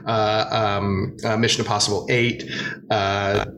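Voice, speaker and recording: A man's voice: on the low side, flat delivery, unhurried, fairly bright tone, a little hiss or hum. Rambling man podcast co-host. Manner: rambling, hesitant, many fillers. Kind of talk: casual movie podcast chat.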